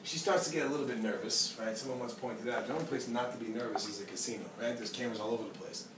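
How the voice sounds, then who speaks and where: A male teacher tells stories to a class in an animated way, often turning to quiz his students. He sounds distant from the microphone, and the room is roomy and echoing. A steady background noise sits under his voice. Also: mid-range voice, racing. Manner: animated, questions the audience often. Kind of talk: storytelling lecture to a class. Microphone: distant mic.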